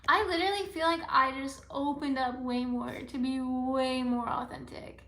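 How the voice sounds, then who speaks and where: Bright, high-voiced woman streamer. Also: steady tone, moderate pace, roomy sound. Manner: reads viewer comments aloud and answers them, often dropping into a whisper; rambling, playful, full of "like". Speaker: livestream host. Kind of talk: casual livestream chat.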